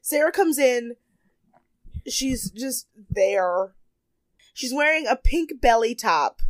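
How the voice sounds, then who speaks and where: Young woman podcast co-host, casual and animated, quotes people with big exaggerated voices, dry close sound. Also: fairly high pitch, takes it slowly, no echo. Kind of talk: casual chat.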